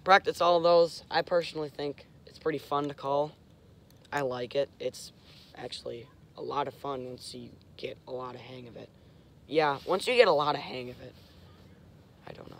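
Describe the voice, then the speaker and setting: A young man casually explaining hunting call technique, halting and searching for words, with short clipped demonstration sounds. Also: mid-range voice, gravelly, fairly bright tone. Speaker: host. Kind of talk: casual instructional talk.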